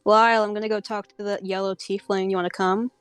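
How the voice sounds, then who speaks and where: A woman's voice: mid-range voice, little pitch movement, quick pace, clean tone, no echo, soft background music, lightly acted. A woman voicing a friendly young male adventurer in a tabletop game, in a casual, offhand way. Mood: easygoing.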